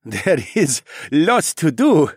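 Brief: excitable young brother, raised lively tone, formal teasing phrasing, as a male narrator puts him on. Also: a little high, takes it slowly, breathy edge, no room sound, studio quality, voice pushed up, full character voice. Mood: eager. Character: eager youngest brother, bossy and cheerful.

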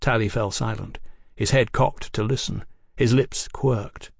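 A man narrating an audiobook in an expressive storytelling manner. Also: mid-range voice, unhurried, gravelly, husky, no echo, clean studio sound. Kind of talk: scripted narration.

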